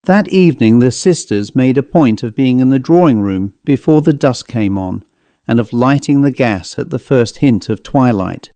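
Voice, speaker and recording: A man narrating a ghost story as an audiobook reader, in a measured, even way. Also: mid-range voice, no room sound. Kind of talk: scripted narration.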